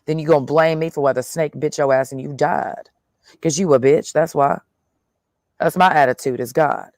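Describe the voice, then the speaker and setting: A man's voice: on the high side, normal speed, dry recording, clean studio sound. A man in a blunt, profane monologue, speaking in the first person as God, full of slang and swearing. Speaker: vlogger.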